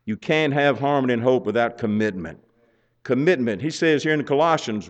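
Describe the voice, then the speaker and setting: An older man preaching a folksy sermon, telling stories and building up to loud urging. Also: mid-range voice, animated, normal speed. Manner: storytelling, chuckling, rising to loud exhortation. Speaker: pastor. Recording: muffled lo-fi sound.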